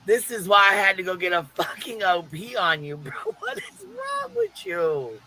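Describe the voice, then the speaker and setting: A man's voice: sits high, very animated, moderate pace, pushed and bright, rough recording. A man in a clip from another video, swearing in disbelief and laughing between lines. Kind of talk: ranting vlog clip.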